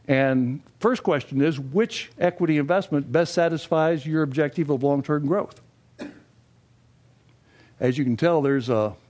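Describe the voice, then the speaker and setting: A man's voice: a little high, darkish tone. An older man giving a classroom lecture on finances, folksy and posing questions to the class before answering them himself. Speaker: financial education instructor.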